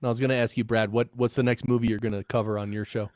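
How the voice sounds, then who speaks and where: A man's voice: mid-range voice, level tone, racing, darkish tone, no room sound, studio quality. A man in casual chat on a podcasters' livestream, eager and full of questions. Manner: eager, chatty, asks questions.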